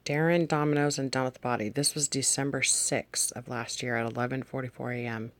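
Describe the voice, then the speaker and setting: A vlog host reads dreams and visions from a notebook as casual spoken testimony, meandering, correcting themselves, and addressing viewers directly. The mid-range voice is fairly even in intonation and fairly quick, with hardly any pauses and a little hiss or hum.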